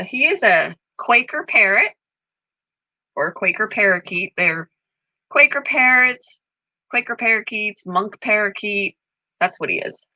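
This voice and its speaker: A woman chatting casually with viewers from a room at home. Her voice is bright and forward, recorded dry and close. She talks slowly and sometimes coos at her pet bird in a high, sing-song voice. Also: dry recording, low-quality recording. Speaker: channel host. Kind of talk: casual live-stream chat.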